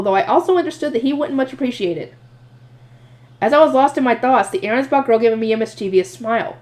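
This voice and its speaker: Fast, lively woman reading a novel aloud. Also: a little high. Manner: lively, expressive reading with voiced asides. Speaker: audiobook reader. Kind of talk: reading a light novel aloud, first-person narration.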